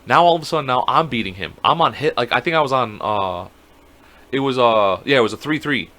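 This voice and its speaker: A man's voice: mid-range voice, expressive, fairly quick, sharp tone. A man co-hosting a podcast, telling a story in casual chat, acting out quotes and swearing freely. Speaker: podcast co-host.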